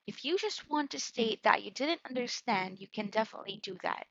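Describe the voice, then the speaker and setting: A woman's voice: mid-range voice, animated, fairly quick, few pauses, fairly bright tone, no echo, lo-fi sound. A woman leading an online call center training lesson, walking through quiz answers and often checking in with "right?" and "okay?".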